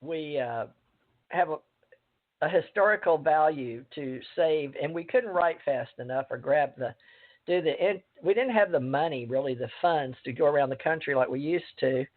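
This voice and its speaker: A woman hosting a talk radio show, rambling and halting with many fillers. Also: deep voice. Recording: tinny phone line.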